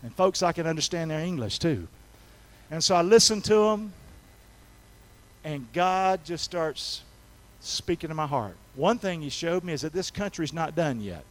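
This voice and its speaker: Man, high-pitched, pastor preaching, folksy, call-and-response, soft to shouting. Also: animated, normal speed, poor audio. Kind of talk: sermon. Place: church sanctuary.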